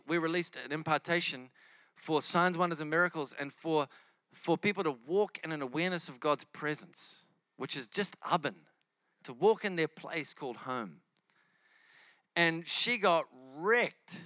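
A male preacher tells stories from the pulpit in an animated way, acting out the voices of the people he meets. His voice sits a little high and sounds bright. The sound is close and dry. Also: no room sound. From New Zealand. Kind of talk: sermon storytelling.

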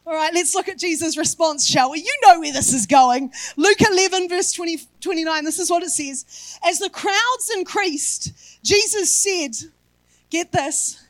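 A woman with a very high voice preaches a sermon, firing rhetorical questions and breaking into shouts for emphasis. The sound is close and dry, with no room around it. She drops to a softer, slower tone when she reads scripture. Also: dry recording.

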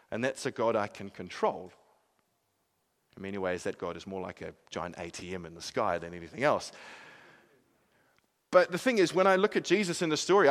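A man preaching a sermon in an earnest way, swinging from emphatic peaks to quiet, soft passages. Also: medium pitch.

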